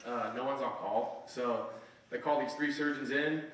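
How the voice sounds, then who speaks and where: A man's voice: medium pitch, measured pace, a bit bright, a little hiss or hum. A man in his twenties giving a casual, earnest speech to an audience, telling his own story and often adding "right?" to his lines. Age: 20s. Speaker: keynote speaker. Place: conference hall. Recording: echoey hall from far off.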